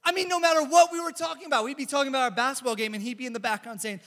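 A young man giving a casual youth sermon, chatty and animated, telling stories and reading scripture. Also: extremely high pitch, rapid-fire. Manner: animated, chatty, lots of "like" and "bro". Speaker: youth pastor. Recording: echoey hall reverb.

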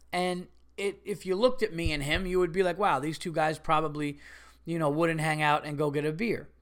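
A man, a comedian hosting his own podcast, telling a rambling story in casual monologue. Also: a little high. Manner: rambling, animated, gets loud and exasperated telling a story.

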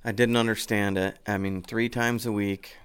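A man's voice: lowish voice, level tone, normal speed, fairly bright tone, smooth. A man chatting casually, telling stories with dry humor and spinning absurd ideas. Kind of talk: casual chat, storytelling.

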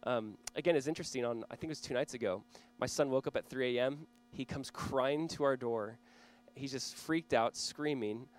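A man's voice: mid-range voice, moderate pace, faint music behind. A man in his thirties preaching a sermon as pastor, conversational and earnest, with small laughs and restarts.

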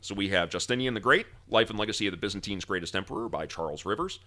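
A lower-pitched man hosts a podcast, his voice bright and forward. His pitch moves a lot as he jokes with his co-hosts, and he settles into measured storytelling when he narrates. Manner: laughing banter, then steady storytelling. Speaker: podcast host. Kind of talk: casual chat and history narration.

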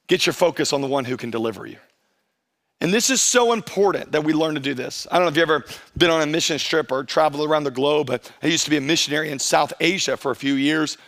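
A middle-aged male pastor preaching a conversational sermon, drawing out key phrases slowly for emphasis and acting out the voices of churchgoers. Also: on the high side, a bit bright.

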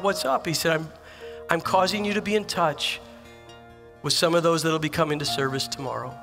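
A pastor's bright, forceful, slightly high voice rings through a church sanctuary during his sermon. He relates personal stories in an earnest, emphatic way, with phrases repeated for effect.

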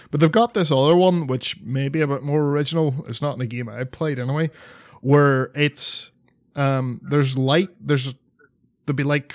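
A man's voice: mid-range voice, dry recording, clean studio sound. A man co-hosting a podcast, chatting casually and rambling with lots of swearing, fillers and restarts. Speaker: podcast co-host.

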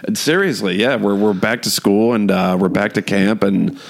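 A man's voice: lowish voice, normal speed, creaky. A man co-hosting a podcast, talking loosely and laughing, swearing freely. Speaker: podcast co-host. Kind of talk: casual chat.

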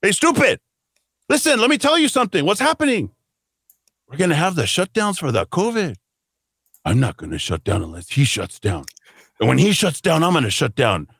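A man's voice: high voice, animated, normal speed, fairly bright tone, dry recording, studio quality, voice pushed up, heavily acted. A man putting on a mocking accent to play a spiteful, scheming male business owner. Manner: mocking, sneering put-on accent.

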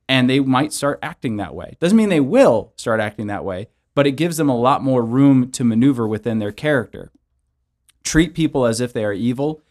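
A man who is a pastor and show host, giving conversational Bible teaching and practical counseling advice in an earnest way, often adding "right?". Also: mid-range voice. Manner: earnest, with frequent tag questions of "right?".

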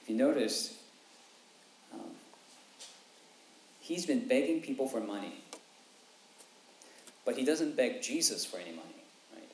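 Animated man preaching in an echoey room. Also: mid-range voice, unhurried, pauses often, slight background noise. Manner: animated, repeats phrases for emphasis, acts out quotes. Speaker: pastor. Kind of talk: sermon. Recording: echoey room, faint ambience.

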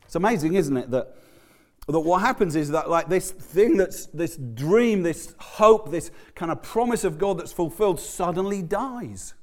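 Male pastor, conversational sermon delivery, animated and halting, mid-high voice. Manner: conversational, animated, stammering restarts.

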